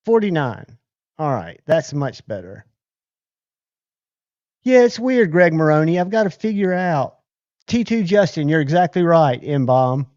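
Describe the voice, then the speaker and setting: Male streamer host, slow unhurried delivery, dark mellow tone, casual viewer chat. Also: a little high, no echo, highs cut off. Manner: chatty, thanks viewers by name. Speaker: livestream host.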